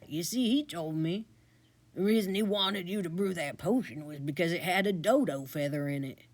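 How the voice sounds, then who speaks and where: A woman's voice: on the low side, normal speed, lightly acted. A woman voicing a puzzled, helpful gnome who talks in a matter-of-fact way.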